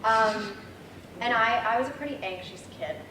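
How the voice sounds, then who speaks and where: A young woman in her twenties shares funny memories at a memorial, chatty and full of fillers. She sounds far from the mic in a roomy, echoing hall. The noisy room is clearly heard behind her. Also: fairly high pitch, moderate pace. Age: 20s. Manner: chatty, laughing, storytelling with many fillers. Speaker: granddaughter giving a eulogy. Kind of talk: memorial speech with funny stories.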